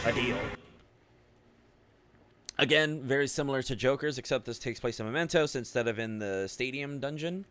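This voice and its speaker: A man's voice: mid-range voice, moderate pace, pauses often, noisy background. Rambling man commenting on a game. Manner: rambling, musing aloud with loose fillers; offhand swearing. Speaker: gaming video creator.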